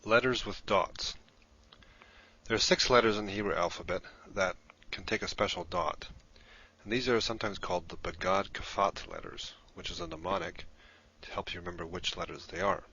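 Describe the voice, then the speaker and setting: A man's voice: lowish voice, expressive, normal speed, gravelly, bright, forceful tone, slightly rough, lo-fi sound. A man giving a recorded lesson, explaining patiently step by step while he writes things down. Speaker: instructor in a played lesson video.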